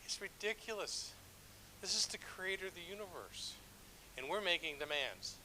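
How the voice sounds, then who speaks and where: A middle-aged man serving as a church elder preaches in a relaxed, self-deprecating way, often restarting his sentences. His voice is bright and forceful and sits a bit high. A faint hiss runs under the recording. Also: normal speed, low-quality recording. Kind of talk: sermon with storytelling.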